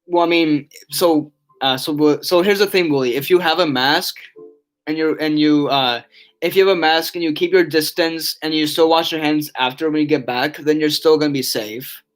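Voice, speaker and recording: A man's voice: a little high, normal speed. A tired young man chatting on a casual live stream, reading chat aloud and rambling with many restarts and fillers. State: yawning, tired.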